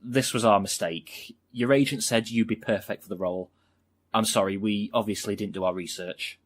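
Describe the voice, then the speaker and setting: An actor playing a polite, hesitant film director who keeps apologizing in a comedy sketch. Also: male voice, on the low side, steady tone, normal speed, close to an everyday voice. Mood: apologetic.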